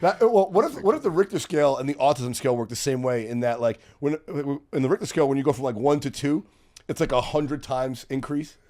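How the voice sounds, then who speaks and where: A man's voice: medium pitch, lively intonation, quick pace, dark tone. A man as a podcast guest in casual comedic chat, riffing with lots of profanity.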